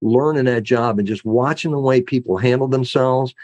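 A man's voice: mid-range voice, moderate pace, a little mellow, dry recording, lo-fi sound. Rambling middle-aged man telling stories. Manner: rambling, many fillers and restarts, acts out quoted voices. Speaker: guest, former sheriff. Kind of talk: storytelling in an interview.

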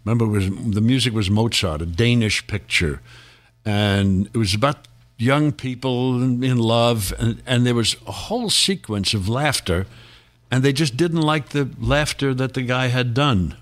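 A man's voice: medium pitch, moderate pace. An older man, a guest actor, reminiscing in a casual interview, rambling through stories and chuckling often.

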